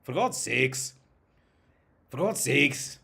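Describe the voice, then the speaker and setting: A man's voice: expressive, slow, gravelly, sharp tone, husky, exaggerated voice. A man doing a put-on Irish accent as an exasperated man nagging at home, huffy and exclaiming. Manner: huffy, exclaiming, high-pitched.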